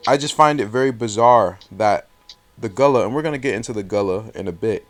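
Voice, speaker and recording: A man's voice: fairly low pitch, brisk. A man hosting a casual interview, laying out his points thoughtfully and checking that the other man follows. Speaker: host.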